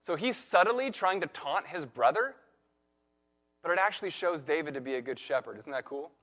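A man preaching a sermon, retelling a Bible story in a lively way and acting out the characters' lines. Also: a little high, normal speed. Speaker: pastor.

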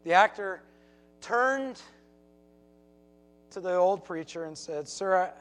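Male pastor, high voice, unhurried sermon storytelling. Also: animated, a bit bright, low-quality recording. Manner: storytelling with emphatic repeats, acted quotes.

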